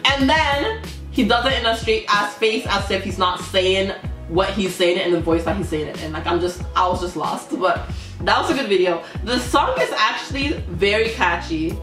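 A woman hosting a casual reaction video, excitable and quick to laugh, often trailing off mid-sentence. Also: medium pitch. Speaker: YouTube reaction host. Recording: echoey room with faint music.

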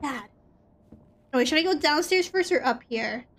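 A woman's voice: sits high, lively intonation, normal speed, a bit bright. A woman streaming a horror game, rambling nervously, swearing often and filling her talk with "like". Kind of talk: casual gameplay commentary.

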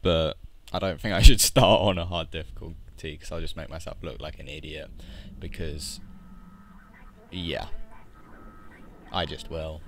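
A low-voiced man with a gravelly, creaky edge narrates his gameplay in a loose, chatty way. He wanders off into grumbling asides and self-talk. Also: unhurried, long pauses, slight background noise. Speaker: let's play commentator. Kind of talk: casual gameplay commentary.

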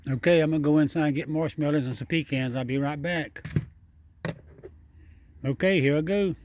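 A man's voice: fairly high pitch, moderate pace, a little mellow, muffled recording, slight background noise. A man giving casual running commentary while feeding a raccoon, talking straight to the animal in a chatty, repetitive way. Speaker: vlogger feeding a wild raccoon.

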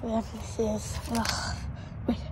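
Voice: medium pitch, monotone, a little slow, background noise. A performer voicing a grumpy young loner who tinkers with drones, talking through a voice changer in a British accent with a lisp, half-whispering and grumbling to himself. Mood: surprised. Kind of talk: muttered solo role-play. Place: outdoors in woods.

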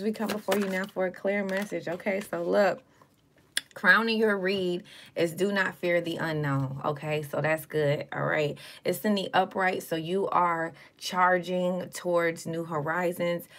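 A woman runs a casual livestream tarot reading, chatting to her viewers in loose slang with the odd curse. Her voice sits fairly low. A faint noise hangs behind her. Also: fairly even intonation, normal speed, gravelly. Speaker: live tarot card reader.

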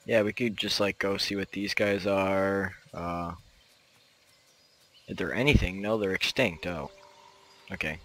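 A man's voice: low-pitched, steady tone, a little slow, long pauses. A young man giving playful, rambling commentary while playing a game. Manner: playful, rambling, bursts into loud shouts. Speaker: gameplay commentator. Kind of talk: casual gameplay commentary.

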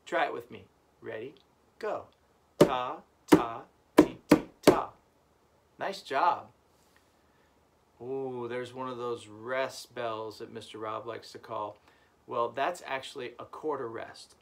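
A man's voice: medium pitch, unhurried, gravelly. A man teaching a children's music lesson, encouraging the class and chanting rhythm syllables. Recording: loud background noise.

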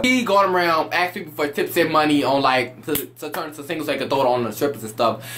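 A young man giving a loud, animated, profane rant as he reviews a reality show. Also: fairly high pitch, slight background noise.

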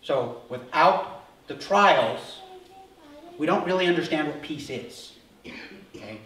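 A male pastor preaching a sermon, telling the story with animated energy and acting out voices before settling into calm, earnest teaching. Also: fairly high pitch, slow. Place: church sanctuary. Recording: roomy hall from a distance.

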